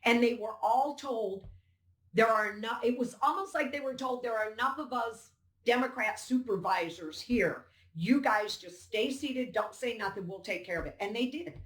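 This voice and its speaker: Recounting events as a poll challenger, an older woman speaks in a fairly high, slightly bright voice at a moderate pace. Her interview testimony is emphatic and indignant, with the dialogue acted out, and the recording has a roomy echo.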